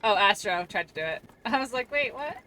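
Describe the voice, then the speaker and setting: A woman's voice: fairly high pitch, lively intonation, a little fast, bright, forceful tone, a little hiss or hum. A young woman streaming a game, chatting loosely with her viewers and rambling with easy laughter. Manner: chatty, rambling and laughing, reads chat aloud. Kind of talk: casual live-stream chat while gaming. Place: at home.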